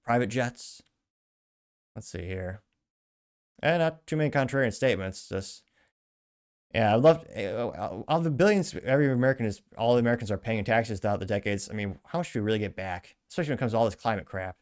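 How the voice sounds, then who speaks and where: A man's voice: lowish voice, lively intonation, brisk, darkish tone. A man hosting a political commentary show, reading social media posts aloud and reacting with sarcastic, muttered asides.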